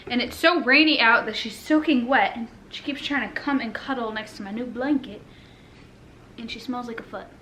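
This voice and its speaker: A woman's voice: fairly high pitch, moderate pace, pushed and bright, slight background noise. A young woman chatting casually to the camera at home, rambling with lots of fillers, a little out of breath while pregnant. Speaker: lifestyle vlogger. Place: home, indoors.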